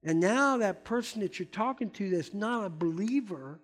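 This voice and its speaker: An older man preaching a sermon, emphatic and repeating key words, swinging between loud stresses and hushed asides. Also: high-pitched, expressive, normal speed. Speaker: pastor.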